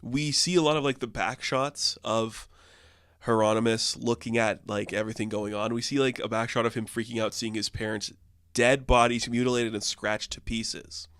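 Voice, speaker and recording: A man's voice: medium pitch, steady tone, normal speed, fairly bright tone, clear, resonant tone, no echo, clean studio sound. A young man casually reviewing a comic book, rambling and peppering his talk with filler words.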